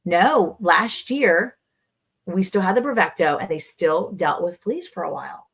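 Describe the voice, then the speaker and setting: A woman's voice: fairly low pitch, lively intonation, measured pace, fairly bright tone, slightly rough. A woman co-hosting a casual livestream chat, talking freely and greeting viewers by name. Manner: chatty, reads out viewer comments. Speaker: livestream co-host.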